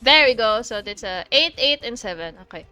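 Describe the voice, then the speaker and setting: A woman's voice: on the high side, animated, brisk, bright, forceful tone, clear, resonant tone, faint music behind. A woman from the Philippines with a Filipino accent, chatting casually while streaming a game, laughing often and swearing freely. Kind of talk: casual chat while playing.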